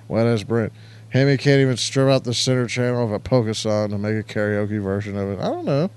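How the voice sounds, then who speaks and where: A man's voice: medium pitch, animated, normal speed, a little mellow, a little hiss or hum. A man hosting an internet radio show, chatting casually and crudely, rambling and reading out chat messages. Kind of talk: casual live-stream chat.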